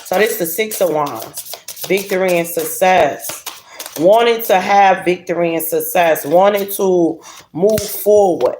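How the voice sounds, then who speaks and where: A woman giving a casual tarot reading to her viewers, blunt and animated, cursing and laughing freely. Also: fairly low pitch. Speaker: tarot reader. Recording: roomy echo, faint hiss.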